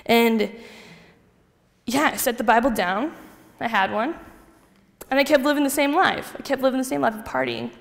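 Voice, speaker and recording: A young woman giving a personal faith testimony to a group, telling her story with lively acted-out dialogue. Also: on the high side, normal speed, creaky, pauses often. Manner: animated storytelling, acting out quoted dialogue. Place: hall with a group. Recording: long reverb of a hall.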